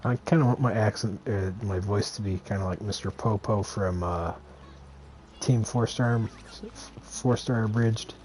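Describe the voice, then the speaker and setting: A young man with a fairly low voice sounds worn out as he banters with his tabletop group. His humor is wry and self-deprecating. A faint hiss runs underneath. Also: measured pace, darkish tone. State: tired. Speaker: tabletop player. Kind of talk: casual chat among tabletop players.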